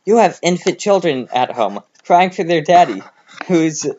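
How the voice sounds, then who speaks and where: A man squealing as a furious shrill female hedgehog. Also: sing-song, a little slow, a little hiss or hum. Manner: yelling, outraged. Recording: slightly dull home recording.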